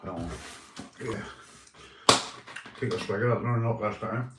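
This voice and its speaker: Northern Irish male streamer, chatty and profane, mid pitch, roomy sound from a distance. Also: measured pace, heavy background noise. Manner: rambling, swearing, calls viewers mate. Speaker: livestreamer. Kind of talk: casual live stream chat.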